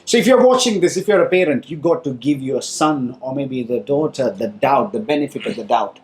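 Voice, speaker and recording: A man, chatting casually and telling lively stories, acting out other people's lines as he goes. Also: medium pitch, brisk. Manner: animated storytelling, acts out other people's lines. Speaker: host. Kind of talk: casual conversation.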